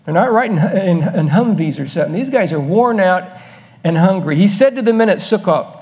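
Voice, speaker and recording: A man's voice: high voice, lively intonation, a little fast, darkish tone. A male pastor giving a conversational, folksy sermon, with asides to the congregation.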